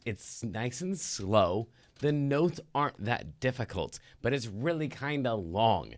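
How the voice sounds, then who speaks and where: A man who has lost his voice and sounds hoarse, hosting a live kids' piano lesson in an upbeat, explanatory way. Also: medium pitch, big pitch swings, slow pace, no room sound. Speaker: piano teacher and host.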